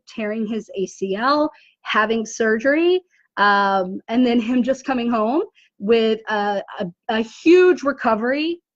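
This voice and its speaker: A woman's voice: a little high, dry recording. A woman in her forties, a business coach, talking casually to an audience and often checking in with "right?". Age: 40s. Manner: chatty, animated, says "right?" often. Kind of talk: casual live video talk. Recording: dull, muffled dry audio.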